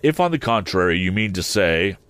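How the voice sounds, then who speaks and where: A man's voice: deep voice, big pitch swings, brisk, fairly bright tone, no room sound. A man voicing a brusque, commanding middle-aged lawyer with a clipped delivery. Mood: stern.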